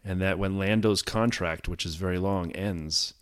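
A man co-hosting a podcast in casual chat, cracking deadpan jokes. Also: low voice, normal speed. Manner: jokey, deadpan asides. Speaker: podcast co-host.

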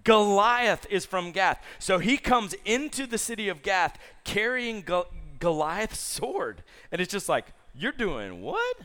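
Lively man preaching to young people. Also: high voice, a little slow, clear, resonant tone. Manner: animated storytelling, casual slang, asks the audience questions. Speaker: youth pastor.

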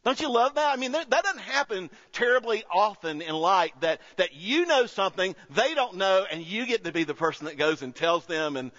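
A man's voice: high-pitched, expressive, normal speed, hardly any pauses, a bit bright. A man, preaching a sermon to his church in a conversational style that rises into emphatic peaks. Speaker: pastor. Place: church sanctuary. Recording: dull sound with long hall reverb.

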